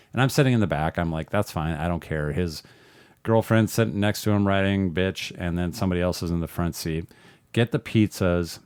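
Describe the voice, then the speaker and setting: A man with a low voice tells a loose, rambling story as a podcast guest, swearing freely and breaking into laughs. The sound is dry and close, with little room around it. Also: no echo. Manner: rambling, profane, laughs often. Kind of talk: casual storytelling.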